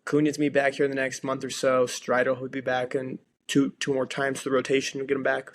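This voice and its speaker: A man talking baseball as a guest on a casual podcast, going on in long animated runs. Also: medium pitch, fast. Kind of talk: casual sports chat.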